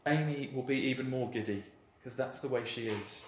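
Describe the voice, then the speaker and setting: Playful pastor preaching in an echoey hall. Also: male voice, medium pitch, brisk, a little hiss or hum. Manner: warm, playful storytelling with laughs. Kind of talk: sermon. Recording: roomy hall echo, faint ambience.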